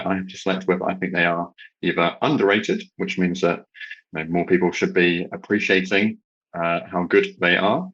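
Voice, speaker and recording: A man from Britain, a podcast guest, talking in a hesitant casual way with many pauses and restarts. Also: low-pitched, a bit bright, lo-fi sound. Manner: hesitant, lots of ums and restarts. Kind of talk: casual chat.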